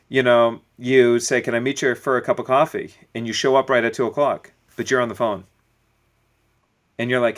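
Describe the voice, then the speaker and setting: A man, a business coach as guest, explaining points through acted-out everyday stories in a relaxed interview. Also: mid-range voice. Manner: storytelling, acts out little dialogues. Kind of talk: conversational podcast interview.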